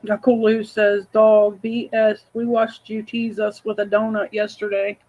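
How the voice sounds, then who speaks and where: A woman's voice: medium pitch, level tone, a little slow. An older woman hosting a casual morning livestream, reading chat messages aloud and telling rambling family stories. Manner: rambling, chatty storytelling with fillers. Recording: slightly dull lo-fi audio.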